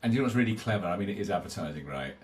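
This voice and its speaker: A British man co-hosting a podcast, relaxed and rambling as he retells an advert. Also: sits low, racing. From Britain. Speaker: podcast co-host. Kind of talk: casual marketing discussion.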